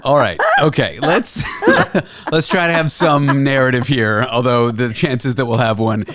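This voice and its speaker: A man's voice: mid-range voice, lively intonation, a little slow, a bit bright, no echo, studio quality. A man from Canada hosting a comedy podcast, wry and teasing, often laughing. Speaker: podcast host.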